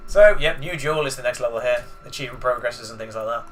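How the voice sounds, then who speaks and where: A man's voice: mid-range voice, quick pace, few pauses, soft background music. A man giving casual, rambling gameplay commentary as a let's play gamer. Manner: rambling, chatty explanations.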